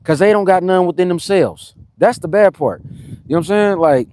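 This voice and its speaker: A man's voice: sits high, lively intonation, moderate pace, darkish tone. A man chatting loosely and rambling on a live fitness stream, greeting commenters between his workout sets. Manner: loose and rambling, greets commenters, keeps saying "you know what I'm saying". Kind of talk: casual live-stream chat to viewers.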